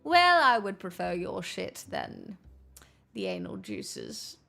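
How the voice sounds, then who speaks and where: Slow, gravelly woman in a put-on transatlantic accent. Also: fairly low pitch, wildly swooping pitch, sharp tone, soft background music. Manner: drawn-out theatrical delivery, frequent swearing and laughs. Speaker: live streamer chatting with viewers. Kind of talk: casual stream chat in a put-on transatlantic accent.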